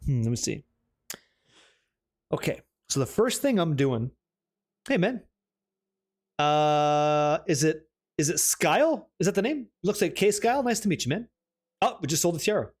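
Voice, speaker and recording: A man streaming a game live, excitable and profane as he banters with his chat. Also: fairly high pitch, normal speed, long pauses. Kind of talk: live gameplay commentary chatting with viewers.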